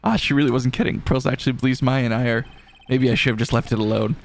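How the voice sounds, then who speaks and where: A man's voice: medium pitch, fairly even intonation, quick pace, creaky, slight background noise. A man reading and voicing a game aloud with wry asides. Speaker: let's play voice actor. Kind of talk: voiced game playthrough with banter.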